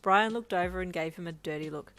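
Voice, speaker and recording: A woman reading a second-person fan story aloud with lively, expressive narration. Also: on the low side, brisk, faint music behind, low-quality recording. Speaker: fanfic narrator.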